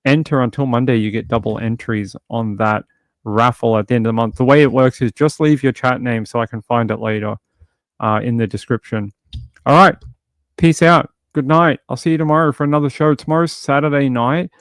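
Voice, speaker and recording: A man's voice: medium pitch, steady tone, brisk, dry recording. Chatty male livestream host, dry sound. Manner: chatty and rambling, many fillers and restarts; jokey, playful asides. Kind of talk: casual chat reading viewer comments.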